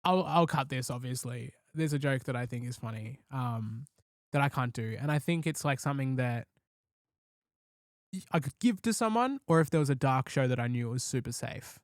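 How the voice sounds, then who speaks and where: A man, a comedian hosting a podcast, rambling through his writing process with casual swearing and quick asides. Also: medium pitch, dry recording, studio quality. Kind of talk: casual chat.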